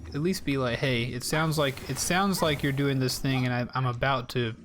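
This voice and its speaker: US guy, young, game streamer, talks loosely and straight to chat, mid-pitched voice. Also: fairly even intonation, moderate pace, a bit bright, slight background noise. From South Carolina, United States. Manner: rambling, chatty, addresses viewers directly. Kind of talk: casual live-stream chat while playing.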